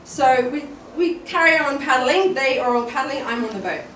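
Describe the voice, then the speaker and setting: A woman telling a personal story at a live storytelling event, animated and often laughing, repeating words for effect. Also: high voice, normal speed. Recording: echoey room, distant mic, noisy.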